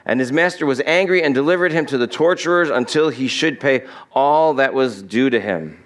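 A man's voice: moderate pace, fairly bright tone. A male pastor preaching an expository sermon in a conversational way, asking his listeners questions and acting out the quoted lines. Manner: acts out quoted lines with shifts in pitch and pace.

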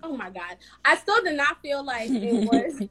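A young woman co-hosting a casual chat show, talking with animated, laughing exclamations. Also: high voice, normal speed, faint music behind. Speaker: podcast co-host.

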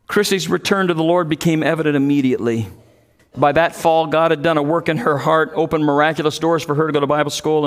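High-voiced man preaching a story sermon. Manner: emphatic storytelling, rises loud when quoting.

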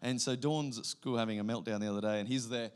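An Australian man in his thirties, a guest pastor giving a sermon with lively storytelling and sudden loud bursts. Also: medium pitch, fast talker, clean tone.

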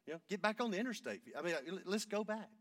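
A man, preaching a sermon and telling a story, going from hushed talk up to shouting. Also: high voice, fast talker, no room sound, far from the mic.

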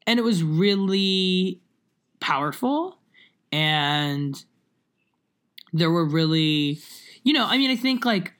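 Woman, young adult, casual chat, rambling, lots of fillers, slightly low voice, very lively pitch. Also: slow, pauses often. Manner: rambling, with many fillers and restarts.

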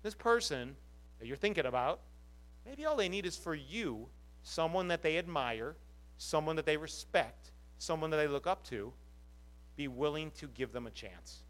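A man with a high-pitched voice delivers a sermon from the pulpit of a church. As the pastor, he talks earnestly and leans on rhetorical questions to draw his congregation in. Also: lively intonation, moderate pace, a bit bright.

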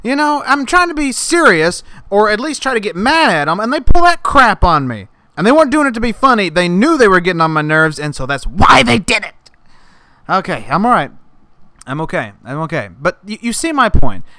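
High bright guy doing an exasperated comedy rant, smooth clear voice. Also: very animated, a little fast, few pauses, dry recording. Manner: exasperated, mock-angry, builds to outbursts. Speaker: podcast host. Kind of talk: ranting comedic monologue.

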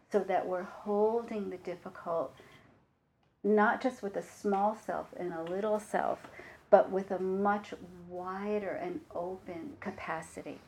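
A woman giving a dharma talk as a meditation teacher, reflective and unhurried, with frequent pauses and fillers. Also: medium pitch, darkish tone.

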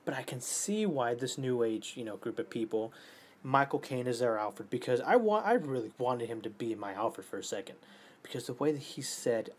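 A man in his twenties talking casually in an animated way, swearing often and swinging between loud outbursts and near-whispers. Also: medium pitch, normal speed. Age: 20s. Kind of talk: casual monologue.

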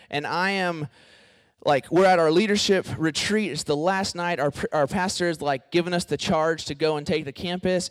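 A young man giving a casual, conversational sermon to a student group, animated and talking straight to his listeners. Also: a little high. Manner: conversational and animated, addresses the group as "y'all" and "guys". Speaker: campus ministry speaker.

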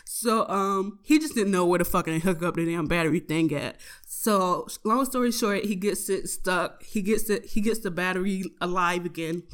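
A young woman, a college student, tells a profane story about her day in a casual audio diary, animated and laughing as she goes. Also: lowish voice, normal speed, hardly any pauses. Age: young adult.

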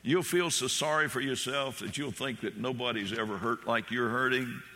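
A man's voice: mid-range voice, moderate pace, sharp tone, in a large hall. A male pastor preaching a sermon with passion, repeating phrases and telling folksy stories.

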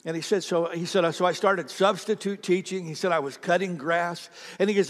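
High-voiced impassioned male preacher in a reverberant hall. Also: steady tone, normal speed, hardly any pauses. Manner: impassioned preaching, rising to near-shouts and dropping to quiet. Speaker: pastor. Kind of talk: sermon. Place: church sanctuary.

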